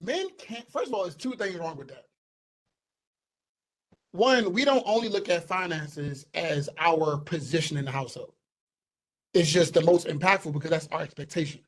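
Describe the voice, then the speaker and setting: A young man co-hosting a casual podcast, talking in an animated, emphatic way and repeating points for stress. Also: on the high side, moderate pace, long pauses, rough recording. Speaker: podcast co-host. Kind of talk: casual opinionated chat.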